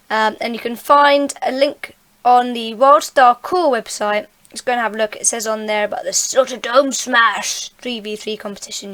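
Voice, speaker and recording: Podcast host: a woman, fairly high voice, chatty and giggly, reading through community news. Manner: giggly, chatty, reads out details. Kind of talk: casual podcast chat.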